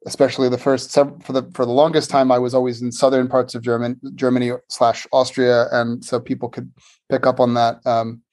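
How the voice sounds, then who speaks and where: A man from the Philadelphia area speaks with a Philadelphia-area American accent, at a mid-range pitch for a man. He talks thoughtfully in casual conversation, circling his points with fillers and restarts. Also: little pitch movement, brisk, darkish tone. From Philadelphia area, USA. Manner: reflective, many fillers and restarts.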